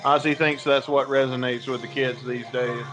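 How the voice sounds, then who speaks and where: A man's voice: mid-range voice, little pitch movement, normal speed, fairly bright tone. A man casually reacting to a music video with a friend, laid-back and wry, speaking in short remarks.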